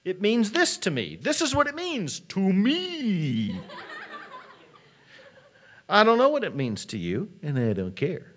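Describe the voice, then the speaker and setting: Man voicing defiant young student, high and heated, digging in. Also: wildly swooping pitch, slow, long pauses, fairly bright tone, full character voice. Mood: angry, insistent. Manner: heated, insistent. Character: young male student, slouching, defiant, angry.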